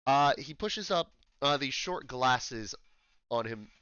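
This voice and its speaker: Man game master, lively pitch, bright voice, slightly dull dry recording. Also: takes it slowly, clean tone, no echo. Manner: loose and rambling, with many fillers. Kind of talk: narrating a tabletop game.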